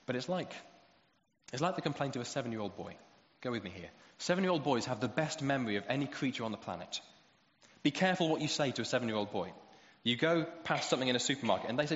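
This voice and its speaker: A man preaching a sermon, animated as he acts out quoted voices. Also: fairly high pitch, fairly quick. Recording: roomy hall echo, dull lo-fi sound.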